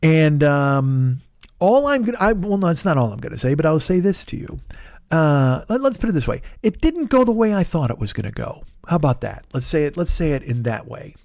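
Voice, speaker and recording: Middle-aged male comedian, gravelly, profane, rambling self-deprecating monologue. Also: a little high, big pitch swings, brisk, a little mellow, dry recording, clean studio sound. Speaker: comedian and podcast host.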